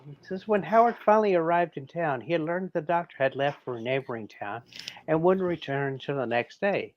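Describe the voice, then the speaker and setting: A man co-hosting a podcast, reading a story aloud in a halting way with small slips. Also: on the high side, animated, no echo. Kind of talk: casual storytelling read-aloud. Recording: dull lo-fi, dry sound.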